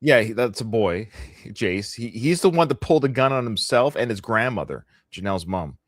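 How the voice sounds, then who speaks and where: A man's voice: on the low side, animated, moderate pace, no room sound, studio quality. A middle-aged Canadian man co-hosting a live podcast, chatting casually with a joking, rambling, sarcastic manner. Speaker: podcast co-host.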